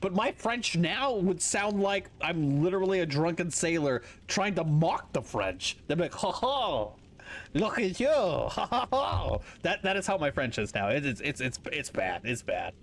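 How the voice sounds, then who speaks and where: High, lively, blunt-talking male streamer. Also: moderate pace, few pauses. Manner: blunt, opinionated, swears freely. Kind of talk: casual chat to stream viewers while gaming.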